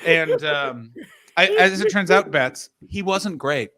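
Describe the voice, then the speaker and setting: A man's voice: a little high, lively intonation, slow pace, sharp tone. Rambling man hosting a casual stream. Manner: rambling storyteller, many restarts and asides. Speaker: streamer and host. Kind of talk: casual chat.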